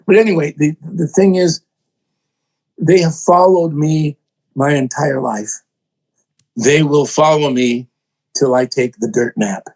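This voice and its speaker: An older man, a songwriter and producer, telling animated stories in an interview, acting out other people's voices and poking fun at himself. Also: a little high, measured pace, pauses often, poor audio. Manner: excitable, acts out voices in quotes, self-mocking.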